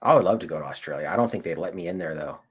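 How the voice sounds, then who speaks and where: Deep, husky, and expressive, this man's voice races as he hosts a livestream. The Colorado auditor rambles casually to viewers in slang, saying "dude" and "like" constantly.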